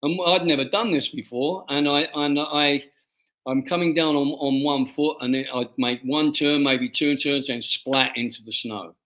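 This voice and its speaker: A man, an author being interviewed, telling a personal story in a halting way and often repeating his words. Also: on the high side, steady tone, fairly bright tone, rough recording. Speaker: author guest.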